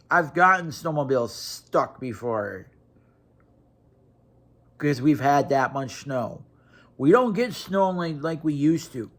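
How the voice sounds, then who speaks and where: A man's voice: fairly high pitch, fairly bright tone. A young man from Wisconsin, ranting casually to camera with blunt, profane talk and lots of restarts. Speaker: vlogger.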